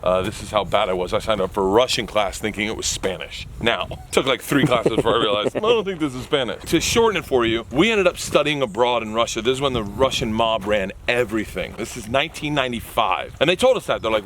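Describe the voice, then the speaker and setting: Male storyteller, lively pitch, excitable and theatrical, city street noise behind. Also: a little fast. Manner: excitable, acts out voices, laughs a lot. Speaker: comedian guest. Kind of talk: animated storytelling.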